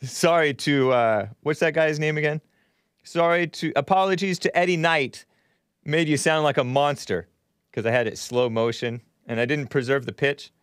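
A man hosting a casual livestream, reacting aloud to clips and talking straight to his viewers with quick exclamations and laughs. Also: on the high side, a bit bright, clean tone, dry recording, studio quality. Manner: chatty, addresses viewers directly. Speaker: livestream host.

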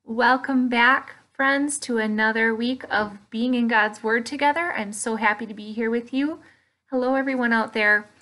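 A woman teaching an online preschool Bible lesson, animated and playful, gasping in delight as she talks to small children. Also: fairly high pitch, moderate pace.

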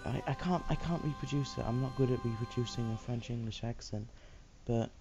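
A man's voice: medium pitch, fairly quick, creaky, dull audio, over music. A man hosting a let's play, chatting casually and muttering to himself while he builds. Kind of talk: casual gameplay commentary.

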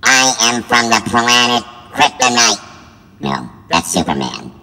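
A man's voice: mid-range voice, big pitch swings, measured pace, bright, forceful tone, pitched below the performer's own voice, exaggerated voice. A man using an alien voice effect to play a goofy, playful male alien. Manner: playful, self-amused. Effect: alien voice processor. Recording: long reverb with music.

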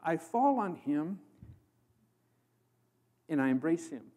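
A man from the American Midwest preaching a sermon as a guest preacher, swinging between loud proclamation and hushed emphasis. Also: on the high side, very animated, slow pace, long pauses. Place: church.

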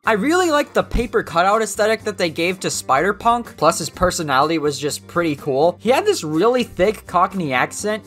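A man's voice: high-pitched, fairly bright tone. A young man giving casual video commentary in a rambling, offhand and self-deprecating way. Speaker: video creator.

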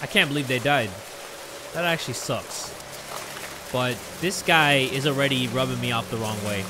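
A young man giving let's play commentary on a horror game, joking around and yelling in excitable panic. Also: medium pitch, normal speed, a little hiss or hum. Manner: excitable, jokey, yells in panic. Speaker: gaming YouTuber.

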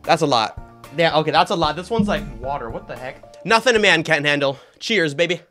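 A man giving excitable, slangy commentary on a gaming challenge, often yelping and laughing. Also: a little high, fairly quick, faint music behind. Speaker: gaming YouTuber.

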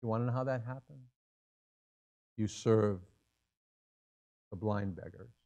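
A man's voice: lowish voice, measured pace, mellow, lo-fi sound. A male pastor preaches in a church, talking directly and plainly to his congregation. He leans on rhetorical questions and answers them himself, in an easy, conversational manner. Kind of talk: sermon. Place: church sanctuary.

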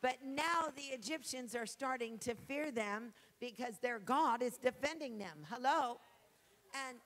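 A woman preaching a sermon with fervor, swinging from loud exhortation to soft acted asides. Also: on the high side, expressive, measured pace, slight background noise, rough recording. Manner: fervent, shifting between shouted exhortation and soft acted asides.

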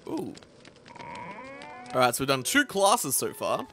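A man's voice: medium pitch, huge pitch swings, unhurried, music in the background. A young man streaming a game at home, chatting casually, swearing a lot and laughing often as he rambles through stories.

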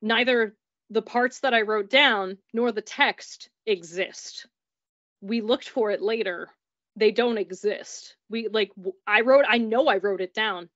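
A woman's voice: mid-range voice, unhurried, a bit bright, dry recording. Chatty woman telling a strange story. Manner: chatty, peppered with "like", acts out dialogue. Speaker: guest recounting paranormal experiences. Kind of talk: casual storytelling. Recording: dull, dry recording.

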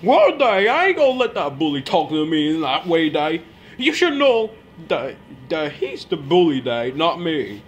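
A man voicing a bratty young boy who whines and shouts at his father in a puppet parody skit. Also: medium pitch, brisk, hardly any pauses, lightly acted. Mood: yelling. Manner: whiny, stubborn, yells at his father.

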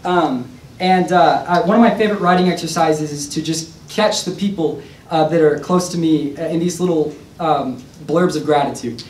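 A man's voice: fairly high pitch, moderate pace, few pauses, a little mellow. A young man, a spoken word poet, reading his poems to a live audience with laughing, rambling asides between pieces. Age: young adult. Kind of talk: poetry reading with casual banter. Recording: roomy, distant live recording with faint noise.

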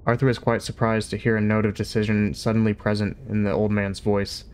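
A man's voice: lowish voice, slight background noise. A man reading a novel aloud at an easy pace, with an occasional slip of the tongue. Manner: steady, unhurried storytelling with occasional slips. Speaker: audiobook reader. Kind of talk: amateur audiobook reading.

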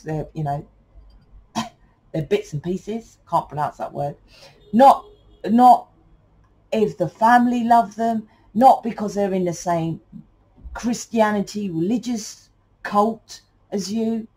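A woman's voice: mid-range voice, takes it slowly, darkish tone, breathy edge, poor audio. A British woman giving a casual spoken tarot reading, rambling and chatty and swearing now and then. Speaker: tarot reader.

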